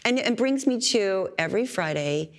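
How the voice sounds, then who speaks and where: A woman's voice: mid-range voice, lively intonation, moderate pace. A woman hosting a talk show in a bubbly, enthusiastic pep-talk manner.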